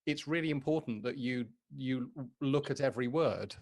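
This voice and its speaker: Guy chatting scripture, lots of yeah yeah and restarts, easygoing, mid pitch. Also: moderate pace, darkish tone. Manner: thoughtful, agreeable, many restarts and affirming yeahs. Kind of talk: conversational Bible study discussion.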